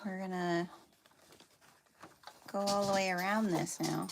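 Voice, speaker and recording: Gravelly-voiced woman chatting through a sewing demo. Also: fairly low pitch, fairly even intonation, a little slow, long pauses, noisy background. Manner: chatty, thinking aloud while working. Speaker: sewing livestream host. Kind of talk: casual sew-along demonstration.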